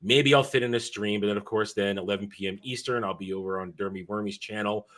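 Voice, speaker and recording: Brief: male streamer, tired, rambly casual chat, bright forward tone. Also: on the low side, fairly even intonation, quick pace. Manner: rambling, self-correcting, chatty. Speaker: streamer hosting his own show.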